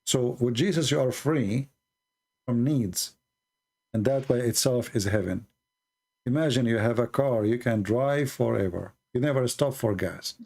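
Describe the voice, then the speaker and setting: A man explaining his faith to a caller in a slow, deliberate, preaching manner. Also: medium pitch, creaky, a little mellow. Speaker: Christian apologist answering a caller. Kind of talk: earnest religious explanation.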